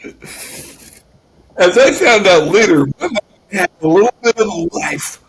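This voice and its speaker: A man in his sixties, a guest, telling an emotional personal story in a halting way, often restarting and repeating words. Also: high voice, big pitch swings, slight background noise. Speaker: guest musician.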